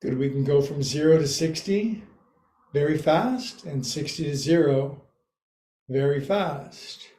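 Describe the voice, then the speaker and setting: A man with a fairly high voice leads a yoga class, taking his time over every cue. He counts the holds aloud and slips in playful wordplay between the poses. His instructions come in short, unhurried phrases. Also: warm tone. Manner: counts poses aloud and jokes about words. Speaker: yoga teacher. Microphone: livestream from his own space.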